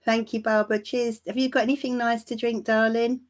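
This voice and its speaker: A woman hosting a tarot live stream, chatting warmly and calling viewers darling and my love. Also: a little high, level tone, fairly quick. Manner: laughs lightly between remarks. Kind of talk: casual livestream chat greeting viewers.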